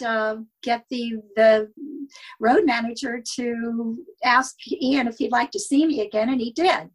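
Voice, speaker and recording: A woman's voice: a little high, breathy edge, rough recording. An older woman telling personal stories in a wistful way, laughing now and then as a podcast guest. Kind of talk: storytelling in casual chat.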